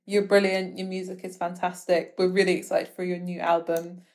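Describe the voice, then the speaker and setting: A woman hosts an interview and closes it out. Her voice sits slightly low and stays very flat and even in pitch. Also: a little fast. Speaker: interview host. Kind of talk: casual interview chat.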